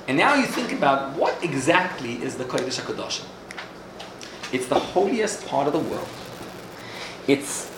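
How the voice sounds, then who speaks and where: A man's voice: on the high side, reverberant, noisy background. A man giving a sermon, telling a story and asking questions, with Hebrew terms mixed in. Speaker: rabbi.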